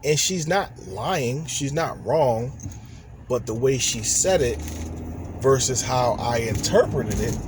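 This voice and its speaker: A man's voice: mid-range voice, lively intonation, takes it slowly, background noise. A man vlogging relationship advice in an earnest, rambling, conversational way. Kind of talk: casual direct-to-camera talk.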